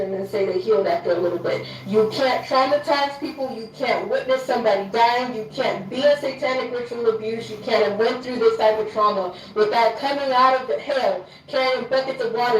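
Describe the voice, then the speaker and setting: A woman's voice: a little high, slight background noise. A woman giving an impassioned, irritated monologue full of emphatic rhetorical questions, as a social media commentator. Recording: echoey room from a distance.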